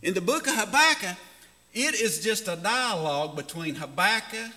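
A man preaching a sermon as pastor, reading scripture slowly and building emphasis. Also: high voice, animated, sharp tone, long reverb tail. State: coughing, slightly hoarse.

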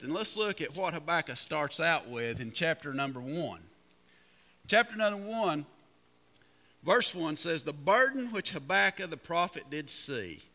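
A man preaching a sermon as pastor, reading scripture slowly and building emphasis. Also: a little high, bright, forceful tone, long reverb tail. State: coughing, slightly hoarse.

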